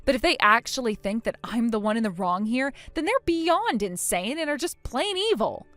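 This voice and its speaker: A woman's voice: fairly high pitch, big pitch swings, normal speed, a bit bright, no echo. A woman voicing a furious, injured young bride who speaks in a cold, scornful and firm way. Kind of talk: text-message story voice acting.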